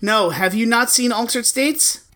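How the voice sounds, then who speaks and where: A man with a bright, forward voice riffs through casual podcast banter. He teases his co-host with profane, deadpan jokes and loose tangents. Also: very high voice, unhurried. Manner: joking, profane, teasing.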